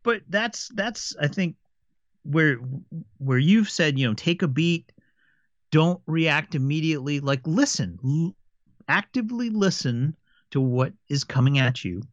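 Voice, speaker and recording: A man's voice: on the high side, unhurried, no echo. A man, a game master and podcast co-host, chatting casually and telling stories with frequent restarts and stammers. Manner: stammers and restarts often, animated storytelling. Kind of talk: casual chat. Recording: dry, slightly dull lo-fi sound.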